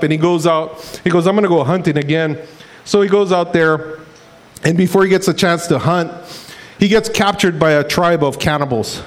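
A man preaching a sermon as pastor, telling stories and laughing at his own jokes. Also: fairly high pitch.

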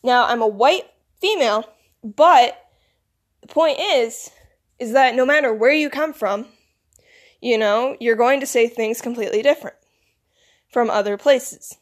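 A woman with a Michigan accent rambles through a casual vlog monologue in a somewhat high voice. She sounds groggy, as if she woke up not long ago. Her talk is loose and full of "like" and "you know". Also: a little slow, pauses often. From United States. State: groggy, recently woken. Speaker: vlogger.

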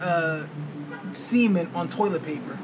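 A man's voice: a little high, a little slow. A man co-hosting a podcast in casual chat, teasing his friend and telling jokey stories. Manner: teasing, joking storyteller. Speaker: podcast co-host. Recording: noisy room ambience.

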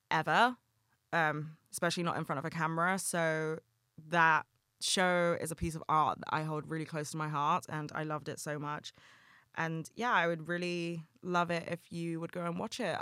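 A young man talks straight into a close, dry mic on his solo podcast. His voice is bright and crisp, a little higher than most men's, and he speaks openly and earnestly, dropping casual swears as he goes. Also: dry recording. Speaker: podcast host.

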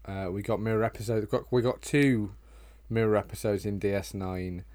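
A man's voice: on the low side, fairly even intonation, moderate pace, darkish tone, no echo. Blunt, sarcastic male co-host. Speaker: podcast co-host. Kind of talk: casual chat.

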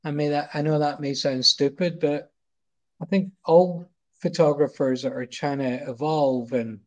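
A man's voice: a little high, fairly even intonation, measured pace. Rambling middle-aged Scottish man. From Scotland. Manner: rambling, repeats words and restarts often. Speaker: guest, photographer. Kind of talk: casual anecdote storytelling.

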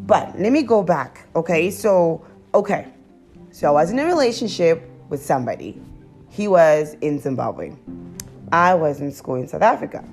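Low-voiced, lively woman telling a story. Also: unhurried, faint music behind. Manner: animated, chatty, addresses viewers directly; laughs often and breaks into high squeals. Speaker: vlogger. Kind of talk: confessional storytime vlog.

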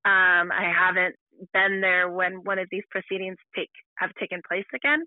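A woman guest on a podcast, telling a personal story in a halting way, full of restarts and fillers. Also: fairly low pitch, little pitch movement, dry recording. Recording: tinny phone-like line.

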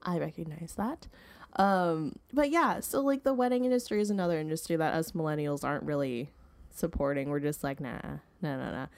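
A woman's voice: sits low, fairly quick, a little mellow. A woman in her twenties, co-hosting a podcast in casual chat, filling her talk with "like" and laughing often. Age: 20s. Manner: chatty, fills speech with "like", laughs often. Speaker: podcast co-host.

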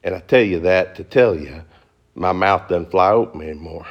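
A middle-aged male pastor preaching a sermon to a congregation, fast and folksy, rising into high emphatic bursts. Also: highs cut off. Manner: fast-talking, folksy with y'all and ain't. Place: church before a congregation.

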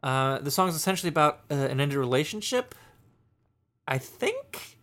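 A man's voice: fairly high pitch, sing-song, normal speed, a bit bright. A man co-hosting a casual music review chat, talking in a rambling way with many fillers and restarts. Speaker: podcast co-host reviewing an album.

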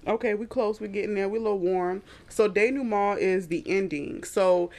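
A woman's voice: medium pitch, normal speed. Woman casually explaining a word. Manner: relaxed, explains with everyday examples. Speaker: podcast co-host presenting word of the day.

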